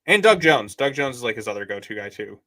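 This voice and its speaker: A man co-hosting a casual movie review chat, with a bright, forceful tone. He rambles and fills every pause with "like" and "um", recorded close and dry with no room sound. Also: mid-range voice, very animated, no echo. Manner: rambling, lots of "like" and "um". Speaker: podcast co-host.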